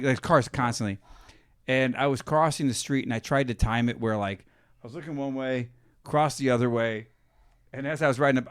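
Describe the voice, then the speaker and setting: A man's voice: mid-range voice, dry recording, studio quality. A young adult man co-hosting a podcast, telling loose, rambling stories full of "like" and "dude". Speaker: podcast co-host. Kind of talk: casual chat.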